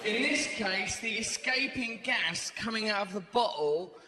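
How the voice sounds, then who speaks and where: A man whose voice sits high tells a stand-up story at a measured pace, rambling and animated with endless "right?"s. He's on a large theatre stage, captured in an echoey live hall with the audience laughing.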